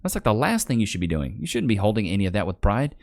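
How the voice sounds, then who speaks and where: A man's voice: on the low side, huge pitch swings, very fast, vocal fry, a little mellow. A man hosting a reaction video, mocking the clips he plays in a sarcastic commentary style.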